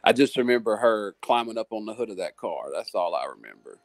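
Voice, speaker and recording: A man with a low, gravelly voice and a lively, swinging pitch, talking casually as the host of a live panel. His talk rambles in a friendly way, and the dry sound keeps him close. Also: brisk, no echo. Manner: talkative, musing, friendly. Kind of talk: casual chat.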